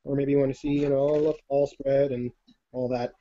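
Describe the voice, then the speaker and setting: A man doing a live card-magic demonstration on a video call, talking in a jokey, excitable, rambling way with self-deprecating asides. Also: medium pitch, normal speed. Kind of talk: chatty live-stream demonstration. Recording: dull lo-fi stream audio.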